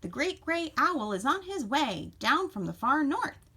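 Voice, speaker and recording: A woman voicing an excited little chickadee bird in a read-aloud storybook, chattering and repeating herself. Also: high-pitched, unhurried, pitched above the performer's own voice, heavily acted.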